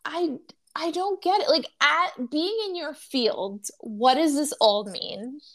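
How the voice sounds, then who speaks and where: A woman's voice: high-pitched, slow. A woman co-hosting a podcast in casual chat, candid and gushing, with many filler words and the odd swear. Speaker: podcast co-host.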